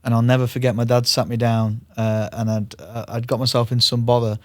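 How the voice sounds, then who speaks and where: A man's voice: medium pitch, brisk, dry recording. A man hosting a podcast, telling stories in a chatty way and laughing often. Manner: lively storyteller, chatty with frequent laughs. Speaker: podcast host. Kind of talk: casual podcast conversation.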